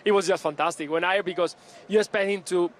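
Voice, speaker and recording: A male coaching staff member answers questions in a live interview beside the pitch at an outdoor training ground. His tone stays steady, though his earnest speech stops and restarts often, padded with fillers.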